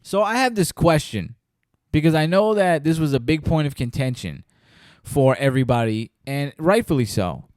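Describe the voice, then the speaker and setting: A man's voice: a little high, lively intonation, normal speed, darkish tone, no room sound, clean studio sound. A man hosting a podcast, chatting casually about a movie and acting out scenes in quoted voices. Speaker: podcast host. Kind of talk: casual movie review chat.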